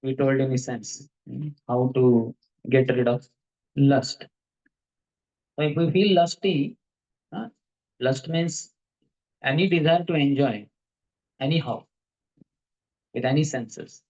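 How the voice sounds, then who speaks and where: Mellow-voiced man giving a spiritual talk. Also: mid-range voice, slow pace, pauses often, highs cut off. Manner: storytelling, chuckles, rhetorical questions. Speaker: monk giving a lecture to students. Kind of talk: devotional lecture.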